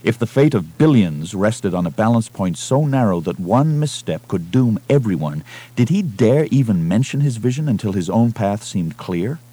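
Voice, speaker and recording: Low-voiced man reading a novel aloud. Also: animated, mellow, husky. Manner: measured, dramatic storytelling delivery. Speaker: audiobook narrator. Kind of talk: scripted narration.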